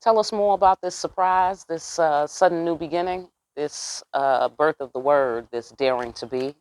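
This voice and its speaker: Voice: medium pitch, moderate pace, darkish tone, clean tone, no room sound. Tarot reader on a channel, mid-range voice, street-talking and profane, keeps asking "you know what I'm saying?", dry close sound. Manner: asks the listeners rhetorical questions. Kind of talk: casual spiritual reading.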